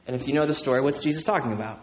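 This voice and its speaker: A man's voice: mid-range voice, very fast, reverberant. A man teaching the Bible to a live audience in a conversational sermon, with jokey asides and a habit of checking in with his listeners. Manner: chatty, keeps checking in with listeners.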